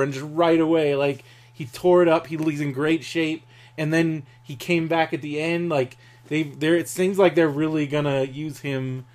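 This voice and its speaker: A man co-hosting a casual podcast chat, excitable and given to loud, shouted bursts. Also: a little high, normal speed. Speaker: podcast co-host.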